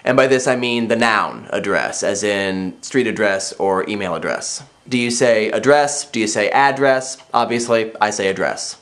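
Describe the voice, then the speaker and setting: A man's voice: on the low side, fairly bright tone. Midwestern American man in his twenties. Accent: Northwest Ohio, Midwestern American. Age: 20s. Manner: plain, deliberate delivery of single words. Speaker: vlogger. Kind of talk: casual vlog, reading a word list aloud.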